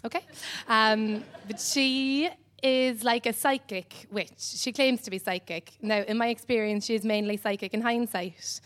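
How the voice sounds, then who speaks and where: An Irish woman from Ireland doing stand-up comedy on a club stage, rambling and dry with many pauses and "um"s. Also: on the high side, fairly even intonation, a bit bright.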